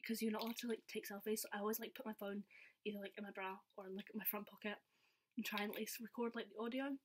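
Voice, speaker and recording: Chatty young woman storyteller. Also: medium pitch. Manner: chatty, says "like" all the time, acts out quotes. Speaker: vlogger. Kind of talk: casual storytelling.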